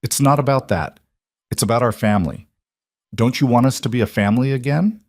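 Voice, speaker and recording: A man's voice: medium pitch, fairly quick, dry recording, clean studio sound, close to an everyday voice. A man reading as a weak, pleading grown son. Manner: pleading, apologetic.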